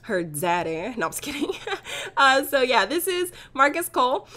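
A young woman hosts a let's play. A sore throat has made her voice hoarse, but it still sounds bright and forward. She chats in a bubbly, gushing way, like she is talking to friends. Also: high voice, expressive, normal speed. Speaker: gaming channel host. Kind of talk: casual let's play commentary.

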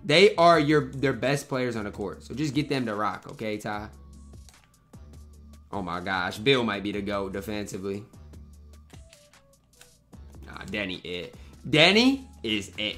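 A man's voice: medium pitch, big pitch swings, normal speed, long pauses, sharp tone, soft background music. A young man, commenting live on his own basketball video game match, slangy and frustrated, trash-talking his teammates and opponent. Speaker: gaming YouTuber.

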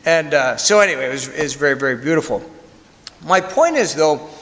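A priest telling a story in a candid, conversational sermon with self-deprecating humor. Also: male voice, a little high, expressive, a little fast, a bit bright. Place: church. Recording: long church reverb.

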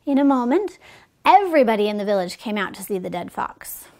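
A woman reading fables aloud to children as a storyteller, with gentle, chatty asides to her listeners. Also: mid-range voice, very animated, a little fast.

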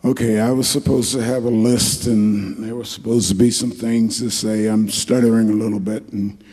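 A man's voice: lowish voice, flat delivery, moderate pace, warm tone, husky. An older man from New Jersey giving a folksy, rambling, joking acceptance speech at an awards ceremony in a large hall. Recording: echoey hall.

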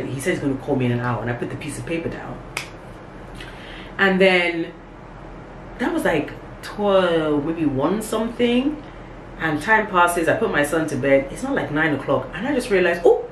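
A young woman telling a casual story on camera, acting out every quote with big jumps in her voice. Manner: animated, acts out quotes with big pitch jumps. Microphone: camera on a tripod. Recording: echoey room with faint background hum.

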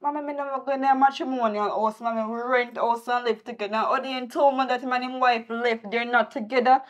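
A woman's voice: a little high, steady tone, a little fast, close to an everyday voice. A young woman with a Jamaican accent playing an ashamed daughter who pleads and defends herself to her mother. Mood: pleading. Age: young adult.

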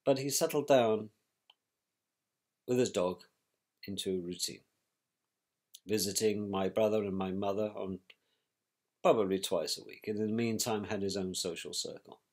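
Middle-aged man, fairly low voice, measured pace, reflective, pauses and self-corrections. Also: darkish tone. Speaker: interviewee, victim's brother. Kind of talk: personal recollection.

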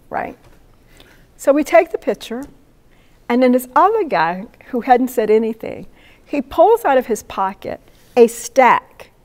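A woman in her seventies, a poet laureate, telling a lively story to an audience and acting out the voices of the people in it. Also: fairly high pitch. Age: 70s. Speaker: poet laureate giving a talk. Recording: long reverb of a hall.

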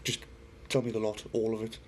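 A man's voice: on the low side, level tone, brisk, a little mellow. A middle-aged man from Newcastle with a Geordie accent, chatting casually on a paranormal livestream, reading viewer comments and talking to a spirit box. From Newcastle, northeast England.

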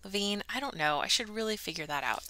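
A woman's voice: medium pitch, lively intonation, quick pace, bright, forceful tone, no room sound. A woman reading a novel aloud, with casual, self-deprecating asides between chapters. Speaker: audiobook reader.

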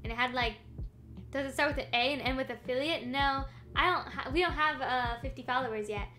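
A woman's voice: high-pitched, brisk, bright, forceful tone, faint music behind. A woman co-hosting a live stream, chatting casually and breaking her sentences with fillers. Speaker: co-host streamer.

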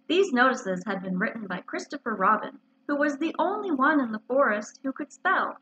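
Animated woman reading a storybook. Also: a little high, normal speed. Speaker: librarian reading aloud. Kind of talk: storybook read-aloud. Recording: dull lo-fi recording.

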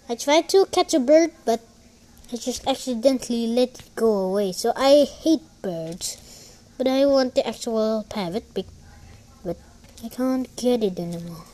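A woman giving excitable, giggly commentary while playing a game. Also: fairly high pitch, unhurried. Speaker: gamer. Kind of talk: gameplay commentary.

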